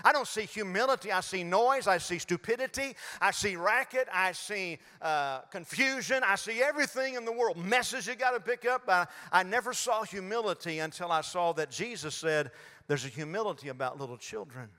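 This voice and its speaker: High-voiced older preacher. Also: male voice, expressive, normal speed, sharp tone, in a large hall. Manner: folksy storytelling preacher, acting out voices. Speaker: pastor. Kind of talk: sermon.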